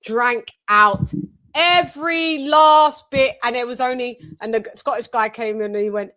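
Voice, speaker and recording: A woman with a bright, forceful voice, pitched a little high, hosts a loose chat. She tells stories with lots of energy, swearing freely and jumping between topics. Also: measured pace. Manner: lively storytelling, animated, swears freely. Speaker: host. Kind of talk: casual chat.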